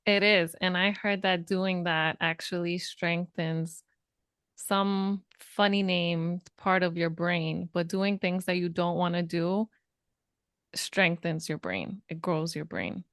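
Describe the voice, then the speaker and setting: A woman's voice: on the low side, takes it slowly, fairly bright tone, clean tone, dry recording, clean studio sound. A woman co-hosting a parenting podcast in casual, agreeable chat.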